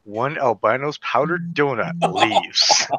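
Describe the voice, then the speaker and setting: A man with a bright, sharp voice talks slowly with lots of rise and fall in pitch. He delivers deadpan running gags to friends on an online call. The sound is dry and close. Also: no room sound. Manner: deadpan joke delivery, reading out repeated gag lines. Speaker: online game player. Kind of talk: casual group chat over a card game.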